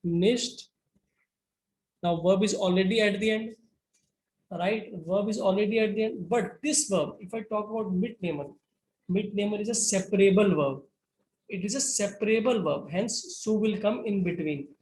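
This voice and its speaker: A man's voice: high-pitched, a little mellow, rough recording. A man teaching German grammar to students, going step by step through rules and often checking in with "right?". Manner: slow, methodical, with repeated "right?" checks.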